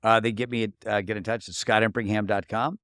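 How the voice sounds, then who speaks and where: Speaking fast and flatly, a middle-aged man with a fairly low, slightly bright voice recounts personal stories as a podcast guest. He's a marketing coach, earnest yet casual, restarting many times in relaxed interview talk. The studio-quality recording has no echo.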